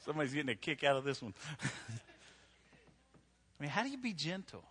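A man's voice: fairly high pitch, sing-song, brisk, a bit bright, slightly rough. A middle-aged man preaching a humorous sermon to a live church audience, joking and talking conversationally, often checking in with "right?". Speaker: pastor.

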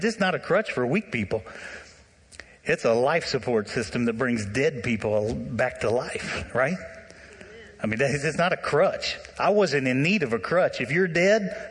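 A man preaching a sermon, animated and talking straight to his congregation. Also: mid-range voice, breathy edge. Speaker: pastor. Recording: long hall reverb.

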